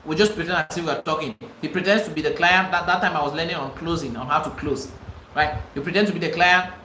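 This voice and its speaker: A man's voice: a little high, fast talker, bright, forceful tone, roomy sound, a little hiss or hum, poor audio. A man with a Cameroonian English accent teaching a live online real estate class, emphatic and repeating himself for stress. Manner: emphatic, repeats phrases, pleading asides.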